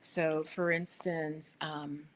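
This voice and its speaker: A woman's voice: low-pitched, flat delivery, very slow, a little hiss or hum. A middle-aged woman hosting a casual livestream from her sofa, chatty and rambling as she gives tarot readings to viewers. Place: living room sofa by big windows.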